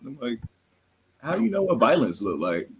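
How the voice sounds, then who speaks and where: A man's voice: medium pitch, very animated, moderate pace, background noise. Blunt, crude-joking man. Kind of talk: casual group chat.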